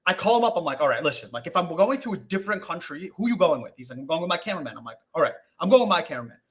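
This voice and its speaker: A young man with a slightly high voice tells a wild story over a video call. He talks in a loose, animated way, swears freely and acts out what people said. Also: racing. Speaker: guest. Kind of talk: casual storytelling on a live stream.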